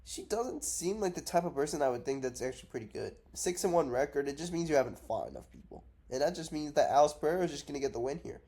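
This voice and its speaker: A man's voice: on the high side, big pitch swings, fast talker, hardly any pauses, dark tone. A man giving casual, rambling fight predictions, blunt and profane, unwell and drowsy from cough syrup. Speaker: MMA predictions vlogger. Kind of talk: casual unscripted commentary.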